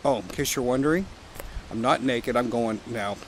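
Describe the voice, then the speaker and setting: With a medium-pitched voice at a moderate pace, a Canadian pipe smoker rambles in a casual outdoor vlog from a campsite. He jokes around with some swearing, and the clip picks up clear wind and background sounds.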